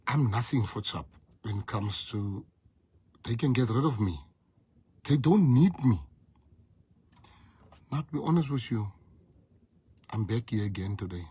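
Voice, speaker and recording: Very husky South African man, storytelling. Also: lowish voice, expressive, unhurried, long pauses, dark tone. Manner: emphatic, repeats lines for effect. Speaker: party leader. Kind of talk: storytelling speech.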